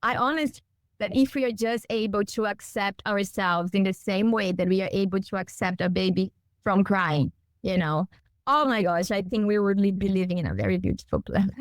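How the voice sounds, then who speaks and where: Woman guest, mid-pitched, heartfelt and emphatic, builds points with repeated phrases. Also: expressive, brisk, no room sound. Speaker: podcast guest. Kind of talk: heartfelt conversational podcast talk.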